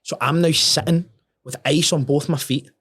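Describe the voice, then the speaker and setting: A man's voice: a little high, fairly even intonation, normal speed, a bit bright, husky. Guy on a podcast, swears a lot, keeps restarting words, chatty storytelling. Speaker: podcast guest. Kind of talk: casual storytelling.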